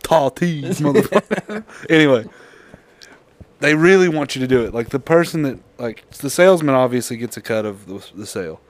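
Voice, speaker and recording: A man's voice: medium pitch, expressive, normal speed, no echo. A young man co-hosting a podcast, bantering in a profane, teasing way and laughing often. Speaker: podcast co-host. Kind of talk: casual banter.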